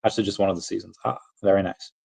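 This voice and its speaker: A man's voice: low-pitched, fairly even intonation, racing, gravelly, darkish tone, slightly rough, low-quality recording. A man casually chatting on a livestream, answering chat questions in a rambling, self-interrupting way with frequent chuckles.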